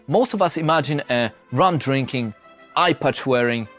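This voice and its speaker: A man reading scripted narration for an explainer video, steady and explanatory. His pitch is ordinary. Soft background music plays under him. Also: normal speed.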